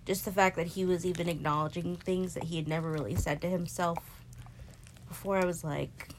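A woman's voice: a little fast, slight background noise. A woman in her twenties talking expressively in a casual heart-to-heart from a bedroom, laughing often. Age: 20s. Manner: expressive, laughs often, jumps into high-pitched quoted voices. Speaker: friend confiding. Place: bedroom, in bed.

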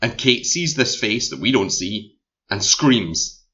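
A man with a Scottish accent speaks slowly in a lowish voice, and the recording sounds muffled. As a film podcast co-host he chats casually about a movie he watched, animatedly acting out scenes and voicing the film itself as a talking character.

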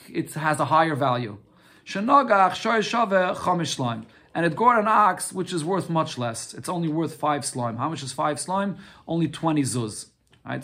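Higher-pitched man teaching Talmud. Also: a bit bright. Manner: explains step by step, mixing Aramaic phrases with English; rhetorical questions answered himself. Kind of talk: Talmud lesson.

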